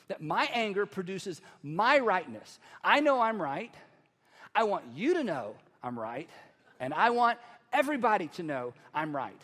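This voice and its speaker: A man preaching a sermon in a conversational, animated way, acting out voices as he teaches. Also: high voice. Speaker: pastor. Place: church auditorium. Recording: long hall reverb.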